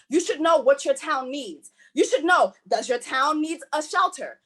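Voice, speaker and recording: High voiced woman from haiti, fired up and blunt on a panel, cusses a lot. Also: expressive, normal speed, fairly bright tone. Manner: emphatic, blunt, swears freely. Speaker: panel speaker. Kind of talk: impassioned panel talk.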